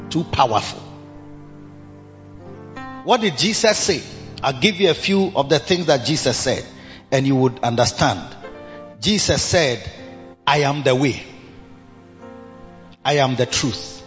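A man preaching in a church with a slightly high voice that swings widely. He draws out his scripture readings slowly and climbs higher each time he repeats a phrase. The sound is muffled and carries a long hall reverb, with faint music underneath. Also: animated, a bit bright. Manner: reads scripture in slow, drawn-out King James cadence; rises in pitch when repeating phrases for emphasis. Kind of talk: sermon.

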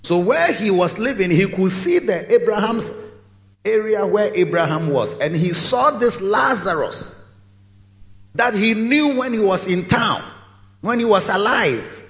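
A man preaching a sermon in a large church, telling the story in a lively way and acting out its scenes. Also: high-pitched, unhurried. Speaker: pastor. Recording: echoey hall, dull lo-fi sound.

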